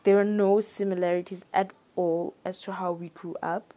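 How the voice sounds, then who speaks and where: Young woman, lower voice, casual reflective talk, thoughtful, searching for words. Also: flat delivery, normal speed, dark tone.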